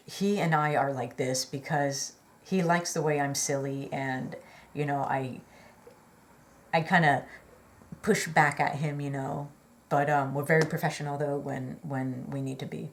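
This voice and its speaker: A woman's voice: low-pitched, fairly even intonation, moderate pace, gravelly, a little hiss or hum. A woman telling a personal story in a chatty, rambling way, earnest and full of fillers and apologetic asides. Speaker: vlogger.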